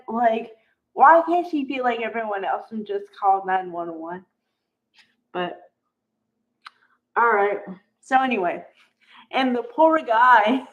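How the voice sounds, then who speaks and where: A woman chatting casually through a soap opera recap, acting out the characters' lines with exclamations. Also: a little high. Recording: dull lo-fi audio.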